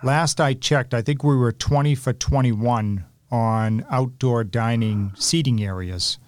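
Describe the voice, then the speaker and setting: A man explains things at a measured pace, steady and upbeat. His voice sits at an ordinary pitch for a man. The recording is dry and close, with almost no room sound. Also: dry recording. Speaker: city official. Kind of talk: casual interview answers.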